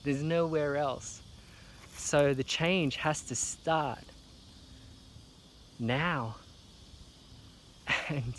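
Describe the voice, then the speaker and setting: A man's voice: a little high, extremely slow, pauses often, fairly bright tone, a little hiss or hum. A man, an artist, making an earnest, emotional appeal to camera, near tears and repeating phrases for emphasis. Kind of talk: heartfelt personal appeal to camera.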